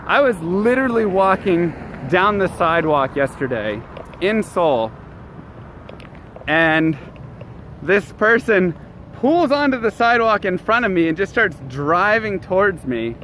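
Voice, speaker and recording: A man talks loosely and chattily to his live stream, reading out messages from chat and answering them. His voice sits a little high. He is outdoors on a city street, with steady traffic noise behind him. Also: unhurried.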